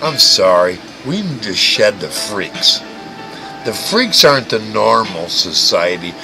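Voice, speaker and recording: Crude, ranting man with a lively voice. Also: fairly low pitch, slow, gravelly, poor audio. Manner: mocking, crude, swears constantly, stammering restarts. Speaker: livestream host. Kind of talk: profane ranting livestream chat. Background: music playing.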